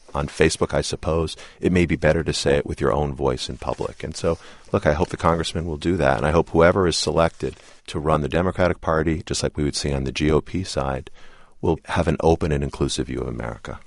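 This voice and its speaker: A man answering interview questions in an earnest, deliberate way. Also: extremely low pitch, gravelly, no room sound. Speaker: interview guest.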